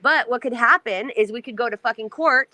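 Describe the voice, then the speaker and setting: A woman's voice: on the high side, sharp tone. A woman angrily recounting a custody fight, swearing often and talking in a heated, ranting rush. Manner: heated, profane, fast-ranting. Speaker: mother telling her story. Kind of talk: angry personal account.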